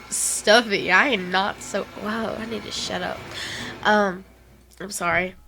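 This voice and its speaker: A woman's voice: medium pitch, steady tone, slow, bright, forceful tone, rough recording. A young woman with a Southern American accent, co-hosting a casual podcast, stuffy-nosed, giggly and rambling. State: stuffy nose. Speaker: co-host.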